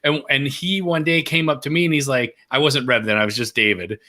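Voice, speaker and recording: A middle-aged man telling a story as a guest in an interview, lively and acting out the voices of the people in it. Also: brisk. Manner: animated, acts out quoted voices with big pitch jumps.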